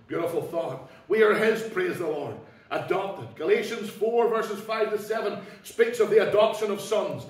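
A man preaching a sermon as pastor, emphatic, swinging between loud declarations and low, quiet asides. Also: normal speed. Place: church. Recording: echoey church hall, mic at a distance.

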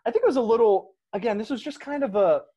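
A man hosting a casual movie discussion, animated, laughing often and trailing off into restarts. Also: extremely high pitch, fast talker, lo-fi sound. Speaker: podcast host.

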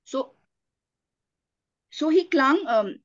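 A woman's voice: high voice, lively intonation, very slow, no echo. An Indian woman preaching a sermon, earnest, often restarting her sentences with fillers. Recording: dull lo-fi, dry sound.

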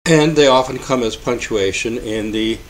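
A man giving a measured, explanatory spoken lecture on poetry and music. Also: mid-range voice, a little hiss or hum. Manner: measured, explanatory, slows to scan quoted verse.

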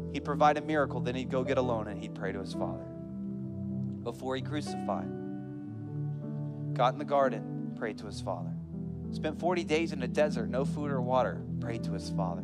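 A male pastor delivering a sermon in a church, swinging from hushed earnest appeals to loud, fervent preaching while a band plays behind him. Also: medium pitch. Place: church sanctuary. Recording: long hall reverb with band music. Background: live band playing.

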